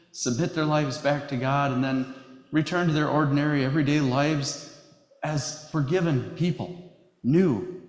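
Male pastor, sermon delivery, measured and emphatic, long church reverb. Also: a little high. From Wisconsin. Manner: measured and emphatic, slowing on key phrases. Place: church sanctuary. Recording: echoey hall reverb.

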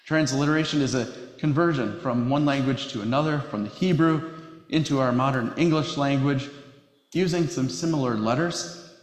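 Male pastor, sermon delivery, measured and emphatic, long church reverb. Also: medium pitch. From Wisconsin. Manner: measured and emphatic, slowing on key phrases. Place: church sanctuary. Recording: echoey hall reverb.

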